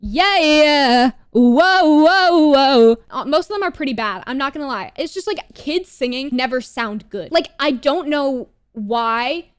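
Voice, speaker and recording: Blunt high-voiced woman ranting casually. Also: normal speed, few pauses, no echo, studio quality. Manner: blunt, swears often, says "bro" and "like"; animated, jumps into loud asides. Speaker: YouTuber reviewing a TV show. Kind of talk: casual commentary.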